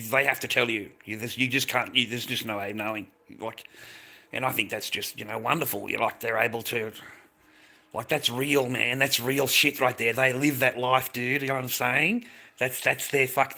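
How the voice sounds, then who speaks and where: A middle-aged man talks to his livestream viewers in loose, profane, rambling chat, often breaking into laughter. His voice is gravelly and bright. He sits at a middling pitch for a man. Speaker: livestream host.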